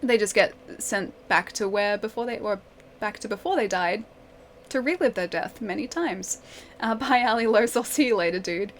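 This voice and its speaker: A woman's voice: medium pitch, normal speed, a little hiss or hum. A young woman game streamer in casual live-stream chat, giggling often as she reads and answers her viewers' messages.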